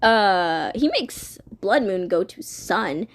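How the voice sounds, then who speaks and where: Slow, rambling woman streamer. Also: mid-range voice, very animated. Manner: rambling, swearing, lots of fillers. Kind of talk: casual story recap.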